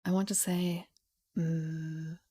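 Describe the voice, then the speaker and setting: A young woman streamer reading a game rulebook aloud at home into a studio mic, softly and half-whispered, with chatty asides. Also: deep voice, flat delivery, slow. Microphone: studio mic with pop filter.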